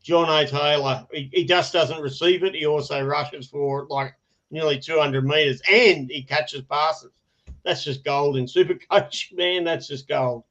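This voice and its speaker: A man's voice: on the high side, fairly even intonation, unhurried, a bit bright. A man, hosting a casual podcast, rambling with frequent laughs and restarts. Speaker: podcast host. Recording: dull lo-fi podcast audio.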